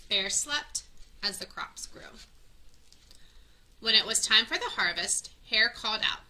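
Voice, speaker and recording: A woman's voice: mid-range voice, lively intonation, a little slow, long pauses, bright, forceful tone, a little hiss or hum, low-quality recording. A woman reading a children's picture book aloud, stopping to add friendly teaching asides. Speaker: children's story reader.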